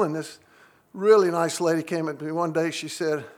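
A middle-aged man preaching in a church, his voice sitting notably high for a man. He delivers his sermon earnestly and keeps turning to the congregation with questions. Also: fairly even intonation, normal speed. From United States. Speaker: pastor.

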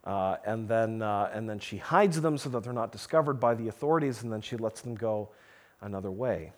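A man preaching a sermon, reading scripture and explaining it earnestly, with slow emphatic pauses. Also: on the low side. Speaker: pastor.

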